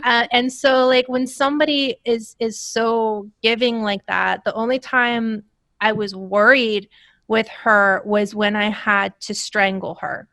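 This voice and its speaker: A woman actress, a guest in a casual interview, telling lively anecdotes and laughing as she talks. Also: a little high, unhurried, no room sound, studio quality. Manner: animated storyteller, laughs while telling anecdotes.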